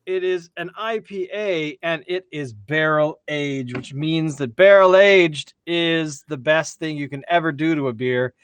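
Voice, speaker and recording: A man hosting a casual livestream beer tasting, excitable and prone to stammering restarts. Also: on the high side, measured pace, hardly any pauses, smooth. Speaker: host of a beer review show.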